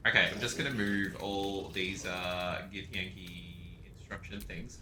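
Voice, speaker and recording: A man's voice: sits low, fairly even intonation, a little slow, hardly any pauses, bright, forceful tone, reverberant, a little hiss or hum. A man giving casual, meandering commentary as he plays a video game, chatting to his cat along the way. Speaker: gaming streamer. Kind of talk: casual let's-play commentary.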